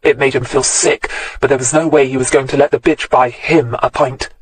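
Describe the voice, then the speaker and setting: A man narrating a crime novel audiobook in a steady, measured storytelling voice, recorded close to the mic. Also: medium pitch, breathy edge, rough recording.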